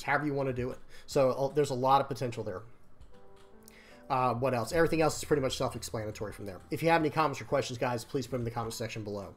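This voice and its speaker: A young man chatting casually about his card game decks, rambling and apologetic with restarts and quick laughs. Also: medium pitch. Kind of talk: casual chat while showing deck lists.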